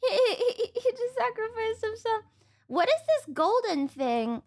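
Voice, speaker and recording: A young woman streaming a casual live reaction, excitable, swearing and thinking aloud. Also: very high voice, unhurried.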